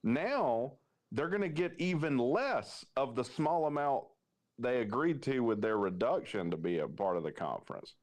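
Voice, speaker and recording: A man's voice: medium pitch, big pitch swings, moderate pace. A man hosting a sports podcast, ranting heatedly and swearing freely in casual talk. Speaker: podcast host.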